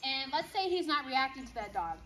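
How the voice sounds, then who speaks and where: A woman dog trainer explaining obedience to viewers while working with her dog, firm and brisk, with frequent tag questions. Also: high voice, sing-song, noisy background. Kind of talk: outdoor training demonstration.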